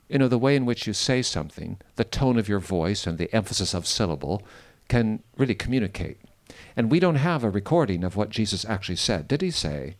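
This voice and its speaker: A man preaching and praying earnestly outdoors on a boat on a lake, rising to strong emphasis and dropping to soft, hushed tones. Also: on the low side, very animated, brisk. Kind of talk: outdoor devotional sermon and prayer.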